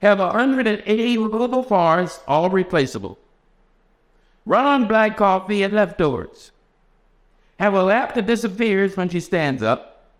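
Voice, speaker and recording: A preacher reading as the Lord, earnest creator. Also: male voice, high-pitched, expressive, unhurried, voice pushed up. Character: the Lord, an eager male creator.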